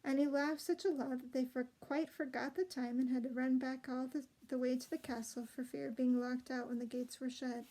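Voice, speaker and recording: High mellow woman reading a storybook. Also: steady tone, fairly quick, few pauses, poor audio. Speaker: storybook reader. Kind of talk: reading a children's book aloud.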